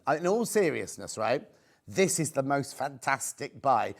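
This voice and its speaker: A man hosting a live home-shopping show, rambling excitably and pleading with viewers to buy. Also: medium pitch, unhurried, vocal fry. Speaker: shopping channel host. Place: TV studio.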